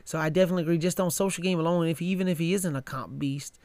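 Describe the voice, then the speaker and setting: A man co-hosts a podcast in an easygoing, agreeable way, often restarting with repeated words. His voice sits a little high, and the recording is close and dry. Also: rapid-fire, darkish tone, no echo. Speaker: podcast co-host. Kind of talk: casual chat.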